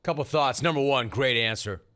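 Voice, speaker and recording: A man's voice: mid-range voice, normal speed, a bit bright. A middle-aged man hosting a sports talk show, riffing in a sarcastic, punchy monologue. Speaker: sports radio host.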